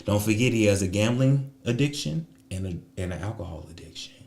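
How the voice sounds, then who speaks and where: A man hosting a celebrity gossip show, sassy and mocking, swinging between loud jabs and low muttering. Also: animated, brisk, vocal fry. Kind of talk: casual commentary monologue.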